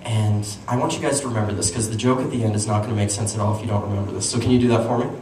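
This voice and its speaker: A man's voice: fairly low pitch, very fast. A young man from Utah performing a stand-up comedy set, telling stories and talking to the crowd. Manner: animated storytelling with audience asides. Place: comedy club stage. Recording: echoey live room, mic at a distance, noisy. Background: audience laughter and room noise.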